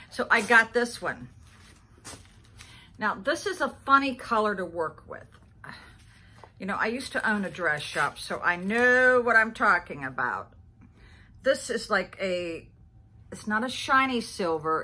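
A woman's voice: mid-range voice, sharp tone, husky. A woman in her sixties chatting casually as she unboxes items, thinking aloud and laughing often. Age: 60s. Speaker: vlogger.

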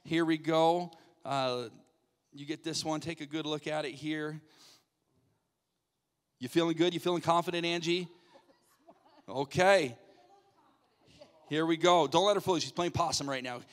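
A man pastor runs a light game from the stage, teasing and coaxing volunteers with quick asides. His voice sits a little high. The sound carries the long reverb of a church sanctuary. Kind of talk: playful audience hosting from the stage.

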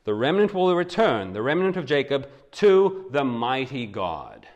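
A male pastor preaching a sermon and telling it as animated stories with acted-out quotes. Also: medium pitch, a little slow, dull audio. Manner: animated storytelling, acts out quotes.

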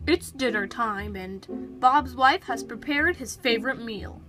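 A woman narrating a toy figure skit in the flat style of a mock documentary. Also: a little high, a little slow, music in the background. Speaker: video creator and narrator.

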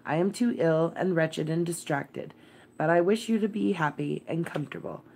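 Miserable, distracted gentleman guardian, weary and fretful, voiced by a low-voiced woman. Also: moderate pace, gravelly, breathy edge, exaggerated voice. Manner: worried, absent-minded and weary.

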